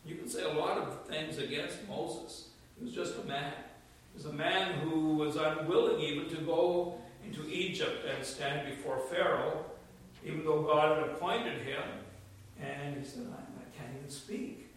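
An older man preaching a sermon as pastor, in a measured style with emphatic, slowly repeated phrases. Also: on the high side. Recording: roomy echo from a distant mic.

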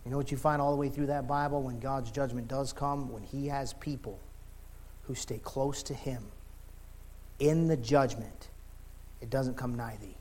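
A middle-aged man preaching a sermon in folksy, informal words, moving from quiet talk to impassioned shouting. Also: medium pitch, fairly even intonation, normal speed.

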